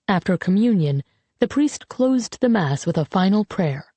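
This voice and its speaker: A woman narrating a novel as an audiobook in even, measured scripted storytelling. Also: mid-range voice, no echo.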